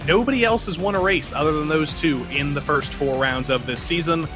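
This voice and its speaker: A man doing live play-by-play commentary for an online racing league, joking and brisk. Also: on the high side, music in the background.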